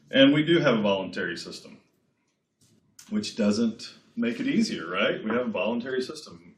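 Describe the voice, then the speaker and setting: A man giving a casual classroom lecture, chatty and digressive, often checking in with his students. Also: fairly low pitch. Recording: echoey classroom.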